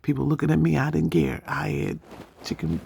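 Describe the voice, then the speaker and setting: A woman casually telling a story, animated, acting out the people she quotes. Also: a bass voice, a little fast, gravelly, a little hiss or hum. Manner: animated, acts out quoted dialogue.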